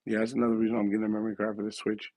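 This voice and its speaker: A man's voice: lowish voice, completely flat delivery, rapid-fire, mellow, no room sound. A man hosting a casual gaming talk show, rambling and correcting himself as he thinks aloud, his voice worn from a recent cough. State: getting over a cough, losing his voice. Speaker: show host.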